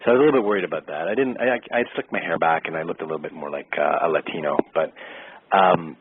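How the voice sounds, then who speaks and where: A middle-aged man, an actor and interview guest, telling a lively anecdote and acting out the exchanges he describes. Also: extremely low pitch, fast talker, slightly rough. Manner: lively storyteller who acts out quoted exchanges. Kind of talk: casual storytelling anecdote. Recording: tinny phone-line sound, dry.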